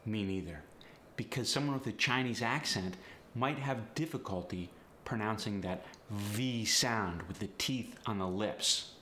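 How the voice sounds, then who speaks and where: A man's voice: fairly low pitch, unhurried, pushed and bright, slight background noise. A man coaching accents in an upbeat, teasing teaching manner. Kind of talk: instructional video. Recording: roomy echo.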